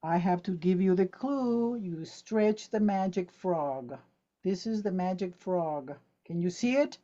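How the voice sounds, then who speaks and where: A woman's voice: fairly low pitch, lively intonation, a little slow, dark tone, dull audio. A woman teaching pronunciation in an online talk for teachers. She demonstrates words aloud and keeps quizzing her audience. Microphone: video call.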